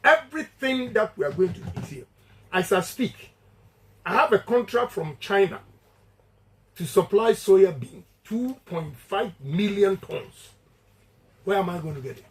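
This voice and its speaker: Emphatic high-voiced Ghanaian man. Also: expressive, a little slow, rough recording. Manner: emphatic, repetitive and declamatory; switches between English and Twi. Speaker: politician addressing supporters. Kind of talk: campaign speech.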